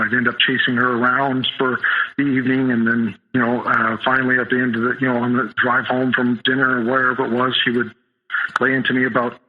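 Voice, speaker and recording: Middle-aged male guest recounting his past, halting with constant restarts, heard over a tinny phone line. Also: medium pitch, slight background noise. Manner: halting, full of restarts and fillers. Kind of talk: telling a personal story in an interview.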